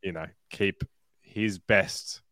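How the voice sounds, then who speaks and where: A man with an Australian accent co-hosting a casual fan podcast, playful and quick to laugh and tease. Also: low voice, steady tone, fairly bright tone, no echo. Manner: laughs often, playful teasing. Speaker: podcast co-host.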